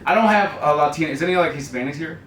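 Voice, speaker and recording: A young man doing a stand-up set, self-deprecating with dark jokes and loud shouted punchlines. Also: fairly high pitch, expressive, racing, far from the mic, a little hiss or hum. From New York City. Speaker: stand-up comedian. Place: comedy club stage, live crowd. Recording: roomy live club audio with crowd laughter.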